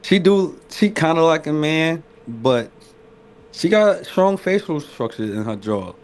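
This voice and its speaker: A man co-hosting a casual podcast, talking in slangy, profane, animated banter. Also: a little high, a little slow. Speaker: podcast co-host. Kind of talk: casual chat.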